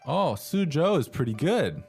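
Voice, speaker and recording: A man's voice: a little high, very animated, unhurried, creaky, a little mellow, breathy edge, soft background music. A man co-hosting a language lesson, translating and asking guiding questions in a casual way. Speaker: lesson co-host.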